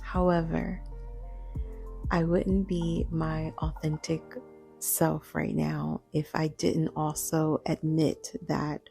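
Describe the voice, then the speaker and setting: Slow, hushed, gravelly woman in her forties. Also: low voice. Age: 40s. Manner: hushed, half-whispering, slow and reflective. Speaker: podcast host. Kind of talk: late-night solo podcast talk. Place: home at night.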